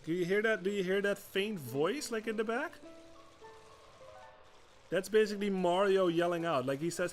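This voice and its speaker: A man's voice: high-pitched, normal speed, pauses often, soft background music. A man streaming a video game, chatting casually as he plays, laughing often and swearing freely. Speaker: gaming streamer. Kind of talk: gameplay commentary.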